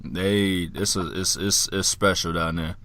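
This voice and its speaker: A man co-hosting a casual podcast, telling stories with loud laughs and plenty of swearing. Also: deep voice, a little slow, a little hiss or hum. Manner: animated storyteller, laughs loudly, swears freely. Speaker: podcast co-host. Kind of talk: casual chat.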